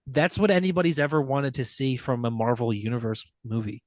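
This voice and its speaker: A man's voice: mid-range voice, steady tone, brisk, no echo. A young man on a podcast, chatting casually and animatedly, telling stories and swearing freely. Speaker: podcast host. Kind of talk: casual chat.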